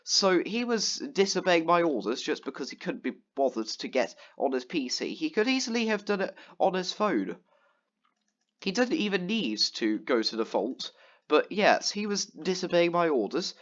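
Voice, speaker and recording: A man's voice: a little high, sing-song, normal speed, lo-fi sound. A man telling a long, exasperated story about a gaming friend, with lots of ums and restarts. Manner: rambling, exasperated storytelling with many fillers. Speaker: gaming vlogger. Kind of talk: casual ranting commentary over gameplay.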